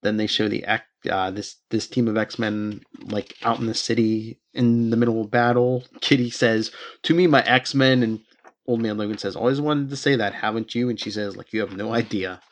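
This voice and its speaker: A man's voice: on the low side, steady tone, normal speed. A man co-hosting a podcast, casually recapping comic book plots and reading the characters' lines aloud with the odd laugh. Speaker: podcast co-host.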